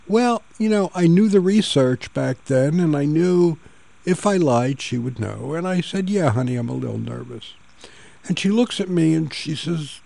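Older guy hosting a radio talk show, gravelly mellow voice, dry close sound. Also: fairly high pitch, animated, normal speed, dry recording. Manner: gentle storytelling.

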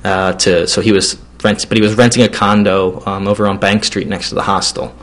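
A man's voice: sits low, steady tone, fairly quick, fairly bright tone. A man telling a personal story in a loose, casual way, with many fillers and restarts.

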